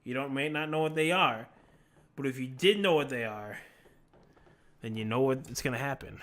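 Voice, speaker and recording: A man's voice: mid-range voice, normal speed, fairly bright tone. A man chatting casually on a live stream, rambling and laughing often as he answers questions from chat while he plays.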